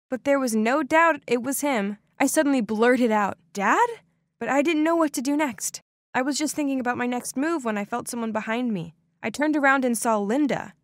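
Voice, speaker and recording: A woman with a slightly high voice narrates a first-person animated story, expressive and dramatic. The sound is close and dry, with no room around it. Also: dry recording.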